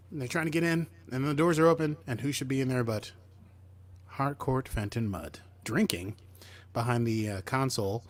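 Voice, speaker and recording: A man in a relaxed podcast chat, walking through an episode scene by scene. He slips into quick impressions of the characters as he goes, with a voice of ordinary middle pitch. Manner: chatty, acts out characters' lines while retelling. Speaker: podcast co-host. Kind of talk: casual chat recapping a TV episode.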